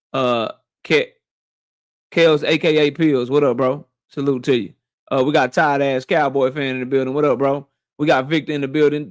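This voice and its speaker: A man's voice: mid-range voice, no echo, clean studio sound. A man hosting a boxing livestream, casually greeting chat members one by one in a slangy, playful way.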